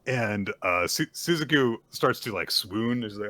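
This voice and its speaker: A man's voice: fairly low pitch, measured pace, no echo. A male podcast host casually retelling a manga chapter. His speech rises and falls a great deal as he tells the story. The voice is close and dry, with no room sound. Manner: lively storytelling, acting out characters.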